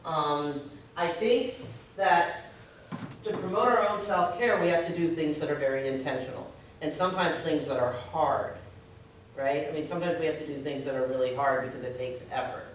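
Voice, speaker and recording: A woman's voice: low voice, moderate pace, distant mic. An earnest woman leads a workplace discussion, stressing her points and checking in with her listeners. She sits well back from the mic in a very echoey meeting room. A faint noise floor hums underneath. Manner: earnest, emphatic, often checks in with "right?". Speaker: social services staff member leading a discussion.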